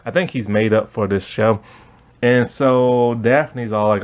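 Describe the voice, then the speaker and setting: A man's voice: medium pitch, a little slow. A man giving a casual spoken review of a cartoon, rambling with lots of fillers and frequent laughter.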